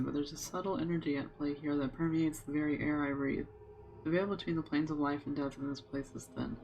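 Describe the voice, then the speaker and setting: A streamer reading a solemn woman shaman's narration aloud in a measured way. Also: mid-range voice, slight background noise, lightly acted, low-quality recording.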